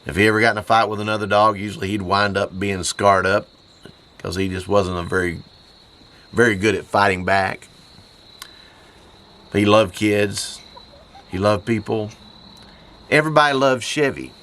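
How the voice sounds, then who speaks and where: A grieving man hosting his homestead channel, choked up, with a hoarse voice and halting speech full of pauses and repeats. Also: level tone, a bit bright. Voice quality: hoarse, voice lower than usual. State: choked up from grief. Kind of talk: grieving personal vlog. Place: farm in the Appalachian mountains, outdoors.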